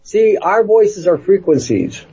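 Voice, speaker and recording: A man's voice: sits high, animated, slow, dark tone, slightly rough, lo-fi sound. A man hosting a show, rambling in a folksy, casual way. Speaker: show host. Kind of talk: casual chat.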